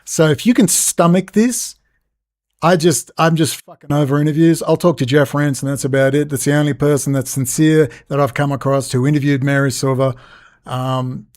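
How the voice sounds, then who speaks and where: A man's voice: mid-range voice, darkish tone. A man ranting in a vlog, blunt and heavily profane, exasperated as he talks outdoors near a road. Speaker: vlogger and interviewer. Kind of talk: angry off-the-cuff vlog rant.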